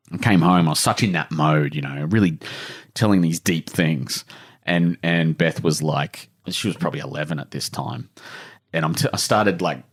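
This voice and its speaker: An Australian man in his forties, a guest on a podcast, talking earnestly and rambling with lots of fillers. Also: a bass voice. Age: 40s. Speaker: author guest. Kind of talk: emotional podcast interview.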